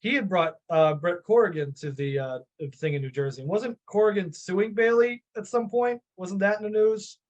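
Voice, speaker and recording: A man with a Chicago accent, a panelist in a casual political discussion, chatty and thinking out loud. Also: high-pitched, moderate pace, hardly any pauses. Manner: chatty, musing, self-questioning.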